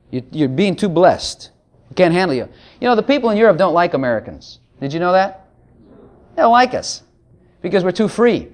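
A man's voice: high voice, big pitch swings, moderate pace, long pauses. A man preaching a sermon, joking between passages of scripture he reads aloud. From Texas.

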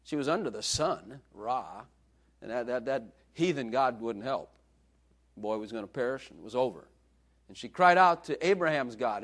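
A man's voice: mid-range voice, lively intonation, moderate pace. A male preacher giving a sermon in a joking, conversational way, laughing often.

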